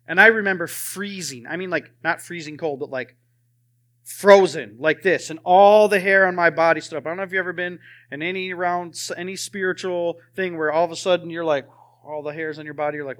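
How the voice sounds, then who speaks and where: A young man preaching a sermon and telling his own testimony, swinging from loud emphasis to hushed, near-whispered lines. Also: on the high side, normal speed.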